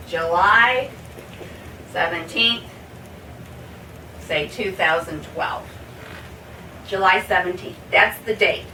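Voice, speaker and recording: A woman teaching a basic English lesson, spelling out example sentences slowly word by word and checking in with "okay?". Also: medium pitch, pushed and bright. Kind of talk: slow classroom explanation. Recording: roomy echo, from a distance, faint hiss.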